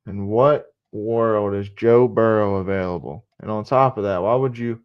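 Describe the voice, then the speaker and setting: A man's voice: on the low side, moderate pace, clean tone. A man casually talking through a live sports stream, repeating himself and muttering asides. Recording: dull lo-fi stream audio.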